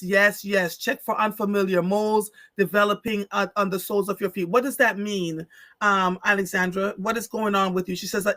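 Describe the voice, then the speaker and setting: A man's voice: high voice, creaky, bright, forceful tone, dry recording. A man hosting a live stream, reading out viewer comments and responding in an earnest, emphatic way, often repeating phrases for stress. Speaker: live show host.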